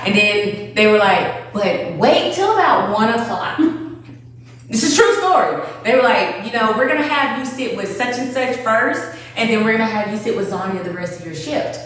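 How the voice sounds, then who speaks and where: A woman's voice: mid-range voice, normal speed. A woman hosting a casual talk, telling a story bluntly and acting out the people in it. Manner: blunt, animated storyteller with quoted voices. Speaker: host. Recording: echoey room, far from mic.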